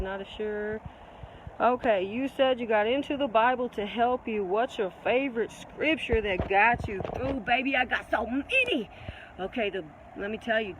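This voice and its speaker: A woman hosts a casual live-stream Q&A, slightly congested, talking in an animated, preachy way and calling her listeners baby. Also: medium pitch, noisy background. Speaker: livestream host answering viewer questions.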